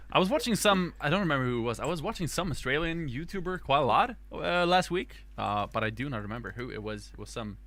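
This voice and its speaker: A man's voice: a little high, expressive, brisk, a bit bright. A man with a Swedish accent chatting casually as a podcast co-host, rambling with lots of fillers and restarts.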